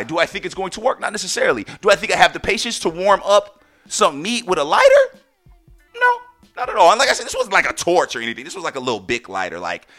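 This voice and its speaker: A man hosting a podcast, telling stories in a casual monologue with loud, excited exclamations, and addressing listeners as "ladies and gentlemen". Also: a little high. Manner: animated storyteller, bursts into loud excited exclamations. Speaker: podcast host.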